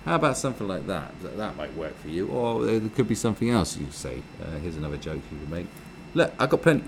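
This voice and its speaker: A man's voice: deep voice, very animated, fast talker, a little hiss or hum, poor audio. Profane, ranting British man. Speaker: live stream host. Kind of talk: casual commentary rant.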